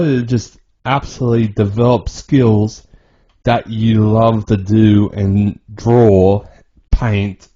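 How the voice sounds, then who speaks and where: A man talks over his own video in a slow, halting way, rambling and restarting his sentences. His voice sits fairly low and sounds dark and mellow. The recording is dull and lo-fi. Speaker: vlogger. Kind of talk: personal voice-over narration.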